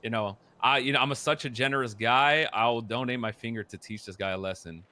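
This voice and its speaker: A man casually retelling a roleplay story, animated and profane, acting out the other people's lines in a low mutter. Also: a little fast, dry recording. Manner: animated, profane, acts out quotes in a lower mutter.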